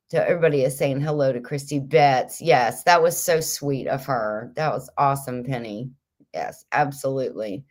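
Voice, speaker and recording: A woman's voice: rumbling low, normal speed. A middle-aged woman hosting a casual livestream, reading viewer comments aloud in a chatty, kooky way, a little stuffy and headachy. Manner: chatty, kooky, laughs often. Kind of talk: casual chat.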